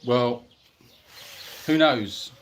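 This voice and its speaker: A man's voice: medium pitch, very slow, noisy background. A man co-hosting a casual live Q&A stream outdoors at an animal sanctuary, jokey and teasing as he reads out viewer comments.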